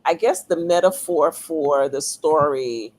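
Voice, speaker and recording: Slow, low-voiced woman author. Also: darkish tone, slight background noise, poor audio. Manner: thoughtful, many ums and restarts. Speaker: author guest. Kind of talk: casual interview talk.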